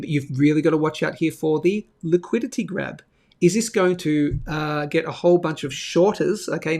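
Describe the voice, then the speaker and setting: Gravelly man running a live chart show. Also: fairly high pitch. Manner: chatty, thinking aloud, with sudden bursts and asides. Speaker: host of a live market show. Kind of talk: live market chart analysis.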